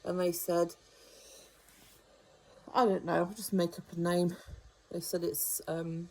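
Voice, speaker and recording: A woman's voice: on the low side, normal speed, gravelly, darkish tone, low-quality recording. An older woman, talking to camera in a chatty, wry monologue full of rambling asides. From United Kingdom. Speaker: vlogger. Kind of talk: casual monologue.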